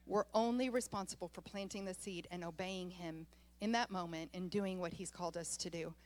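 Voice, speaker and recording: Lady pastor preaching, tells her story all animated, laughs a lot between lines. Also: on the low side, brisk. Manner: animated, laughs often while telling stories. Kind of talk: sermon with personal storytelling.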